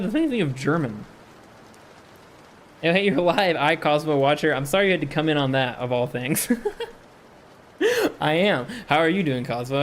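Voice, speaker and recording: A man's voice: a little high, slight background noise. A man streamer reading chat aloud and laughing often as he talks casually on a live stream.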